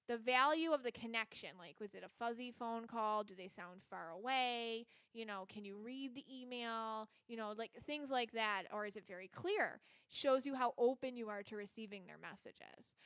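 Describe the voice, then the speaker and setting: Woman podcast host and psychic reader, solo and casual, rambling and chatty, bright and smooth, dry close sound. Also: a little high, dry recording. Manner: chatty, rambling, heavy with filler words.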